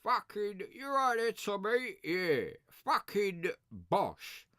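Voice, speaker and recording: A man doing a gruff London gangster. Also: high voice, wildly swooping pitch, slow pace, pushed and bright, no room sound, voice pushed up, heavily acted. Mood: rowdy. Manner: mumbled, tight-mouthed, sweary. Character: rough gruff London gangster, adult male, menacing.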